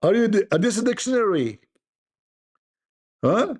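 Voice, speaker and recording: A man putting on a shrill, scornful impression of angry male commenters, exaggerating them to make fun of them. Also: very animated, normal speed, a little mellow, slightly rough, full character voice. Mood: mocking.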